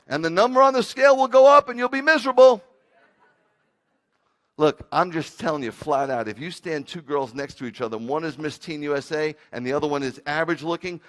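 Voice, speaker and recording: A New man preaching as rabbi, his voice sitting a bit high for a man. He tells lively stories from the pulpit and throws in jokey asides. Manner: animated storytelling with jokey asides. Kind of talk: sermon.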